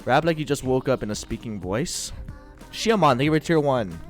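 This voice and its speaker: A man's voice: mid-range voice, lively intonation, normal speed, faint music behind. A man in his thirties streaming live, chatting casually, laughing and trying out rap voices.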